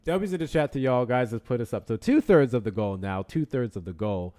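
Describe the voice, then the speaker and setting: A man's voice: medium pitch, lively intonation, a little fast, dark tone. A man hosting a casual livestream, joking, swearing and reading out donations to the chat. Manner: profane, joking, reads out donations. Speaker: livestream host.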